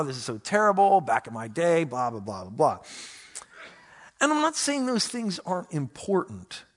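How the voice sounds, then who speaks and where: The speaker is a male pastor with a fairly high voice, delivering a sermon full of lively, self-deprecating storytelling and teasing grievances aimed at God.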